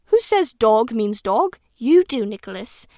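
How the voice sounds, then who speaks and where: A woman's voice: fairly high pitch, big pitch swings, measured pace, a little mellow, no echo, clean studio sound. A woman putting on a put-on British accent to voice a prim old schoolteacher woman. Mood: lecturing.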